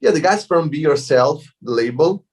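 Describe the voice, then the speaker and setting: A middle-aged man with an Italian accent, a DJ guest on a video call, speaking in halting English and often repeating words. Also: a little high, expressive, husky. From Italy. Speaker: DJ and producer guest. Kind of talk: casual interview. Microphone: computer mic over a video call.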